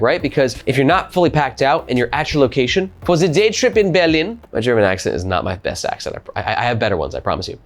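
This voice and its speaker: A man presenting a product review vlog in an upbeat, jokey way while handling gear. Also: a little high. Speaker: backpack reviewer.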